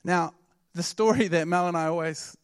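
A man preaching a sermon to his church, telling stories in a conversational, animated way. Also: high voice, moderate pace, clean tone, no room sound, studio quality. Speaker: pastor.

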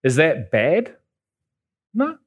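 A man from England, preaching a sermon and telling stories with sudden high jumps in pitch. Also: wildly swooping pitch, extremely slow, breathy edge. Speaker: pastor.

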